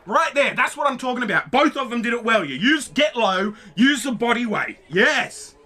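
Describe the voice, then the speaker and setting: A man, reacting excitedly to clips, swearing freely and calling out at the screen. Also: very high voice, moderate pace. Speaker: reaction video host. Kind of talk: casual reaction commentary.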